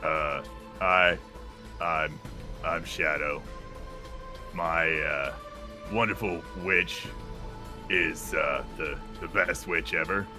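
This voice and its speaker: A man voicing a laid-back male talking cat, halting and stammering as he talks. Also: very deep voice, steady tone, over music, full character voice. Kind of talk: murder mystery role-play.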